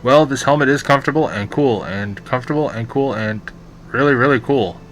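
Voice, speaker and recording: A man's voice: medium pitch, a little fast, a bit bright, slight background noise, voice pushed up, lightly acted. A man voicing a brash, carefree woman who runs a bar, talking in a breezy, upbeat way. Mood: giddy.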